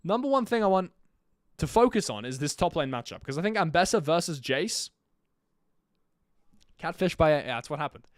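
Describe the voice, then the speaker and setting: A young man live-streaming his own commentary on an esports match, chatty with jokey asides and bursts of energetic play-by-play. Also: fairly high pitch, normal speed, pauses often, dry recording, clean studio sound.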